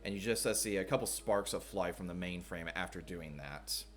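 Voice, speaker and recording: A man with a very low voice runs a tabletop game as game master. He narrates scenes steadily, filling pauses with many ums and uhs. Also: faint music behind. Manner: lots of filler words, steady descriptive narration.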